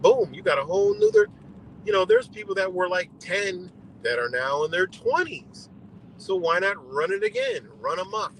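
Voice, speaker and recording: A man's voice: sits high, huge pitch swings, normal speed, fairly bright tone, a little hiss or hum, low-quality recording. A man hosting a live stream, ranting bluntly and exasperatedly with heavy swearing. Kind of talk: profane ranting commentary.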